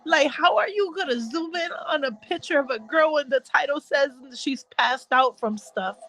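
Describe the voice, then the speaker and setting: High-voiced woman, heated rant. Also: normal speed, fairly bright tone, faint music behind, low-quality recording. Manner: heated, repetitive, talks straight to viewers with religious asides. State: crying. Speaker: commentary vlogger. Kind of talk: emotional casual rant to viewers.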